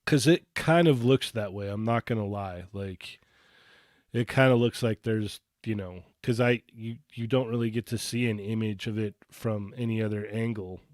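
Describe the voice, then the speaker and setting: A man co-hosting a live toy collecting podcast, relaxed and agreeable, with hesitant restarts and questions for the others. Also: lowish voice, normal speed, no room sound, clean studio sound. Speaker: co-host of a toy collecting show. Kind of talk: casual live podcast chat.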